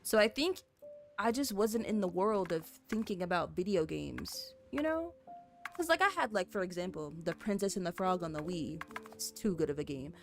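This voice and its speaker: A woman's voice: on the low side, lively intonation, moderate pace. A young woman streaming a building game, chatting casually with her viewers, rambling with lots of fillers and little giggles. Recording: soft music playing behind. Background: faint background music.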